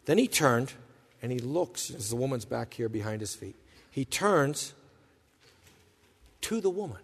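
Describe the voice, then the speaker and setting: A man's voice: medium pitch, animated, moderate pace, gravelly, slightly rough. Impassioned preacher man in a reverberant hall. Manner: impassioned, swings from hushed to loud and emphatic. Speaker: pastor. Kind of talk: sermon.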